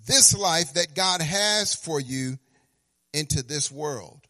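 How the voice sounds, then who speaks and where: Animated male preacher, high voice, stammers, sing-song peaks. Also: slow pace. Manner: animated, acts out dialogues with God, sing-song emphasis; stammering restarts, swings from quiet to loud. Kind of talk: sermon.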